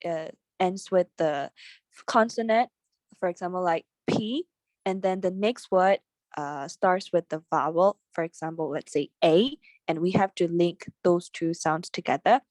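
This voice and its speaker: A woman's voice: fairly low pitch, unhurried, darkish tone, no echo, clean studio sound. A woman in a casual study-group discussion, speaking hesitantly with many fillers as she recalls points from memory. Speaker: teacher trainee in a study group.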